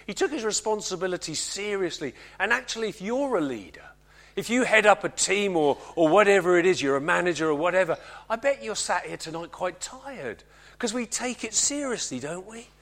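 A man preaching a Christmas sermon at a church service, earnest and often slowing to a near hush. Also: sits high, expressive. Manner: earnest, slows and drops to a hush on key lines.

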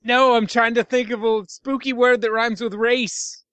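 A man's voice: very high-pitched, steady tone, normal speed, fairly bright tone, clear, resonant tone, no room sound. A man hosting a podcast, chatting casually and joking around in a rambling way. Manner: jokey, rambling outro delivery. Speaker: podcast host. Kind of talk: casual chat.

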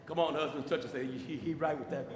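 A man's voice: on the high side, fairly even intonation, fast, a crowd in the background. A man preaching a sermon to his congregation, stammering into restarts and calling out to the room. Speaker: pastor. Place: church sanctuary. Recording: echoey church hall.

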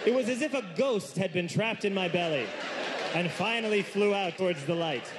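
A man doing stand-up comedy, telling a self-mocking story with animated outbursts. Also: sits high, moderate pace. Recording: noisy live recording with room ambience.

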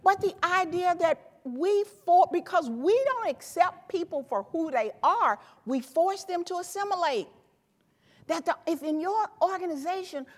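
Woman, 50s, from Tennessee, high voice, emphatic motivational keynote speaker, stage mic in a reverberant hall. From Tennessee, USA. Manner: animated, emphatic, punchy repeated phrases. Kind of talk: motivational speech. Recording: echoey hall with long reverb.

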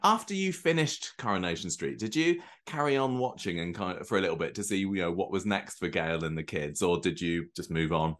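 Man, low voice, podcast host, casual interviewer, encouraging. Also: lively intonation, fairly quick, hardly any pauses, fairly bright tone. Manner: encouraging, lots of brief acknowledgements and laughs.

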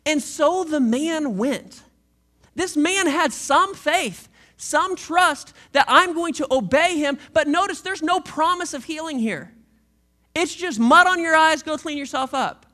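A pastor preaching a sermon in a casual, animated way, full of slang and playful asides. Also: sits high, a little slow. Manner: animated, conversational storytelling with slang; shifts into a quiet, reflective tone late on.

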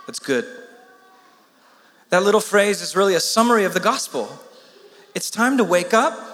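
A man's voice: high-pitched, a bit bright, in a large hall. A man preaching a sermon with urgent emphasis, asking the congregation rhetorical questions. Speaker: pastor.

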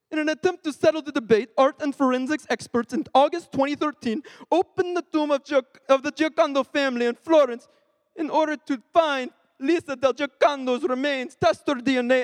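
A man's voice: very high-pitched, no room sound, in a large hall, pitched above the performer's own voice. A man reading a text aloud in a playful put-on Italian accent, stumbling now and then.

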